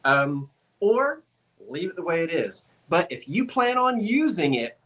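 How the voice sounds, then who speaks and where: A woman's voice: on the low side, sing-song, unhurried, fairly bright tone. A chatty woman with a light South Jersey accent runs a live online antiques sale. Her talk is folksy and easygoing, and she laughs readily while she sells. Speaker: antiques auction host. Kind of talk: live-stream auction patter.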